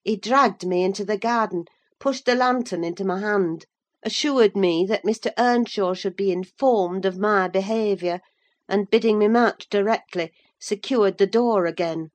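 An audiobook reader narrates a novel aloud from a script in a mid-range voice. Her narration is steady and measured.

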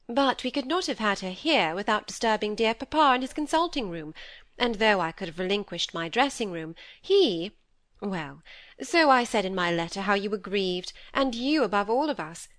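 A woman's voice: fairly bright tone, dry recording, studio quality. A woman reading aloud, voicing a fussy, effusive middle-aged stepmother in a storybook. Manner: effusive, affected, high-strung.

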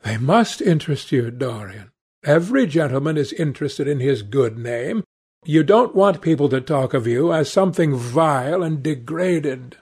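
A man's voice: a little high, animated, moderate pace, darkish tone, husky. Man doing a grave, earnest painter.

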